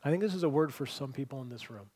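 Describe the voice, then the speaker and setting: A man preaching a sermon as pastor, telling stories, shifting between loud emphatic points and quiet, hushed lines. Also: mid-range voice, animated, rapid-fire, breathy edge. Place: church hall with congregation.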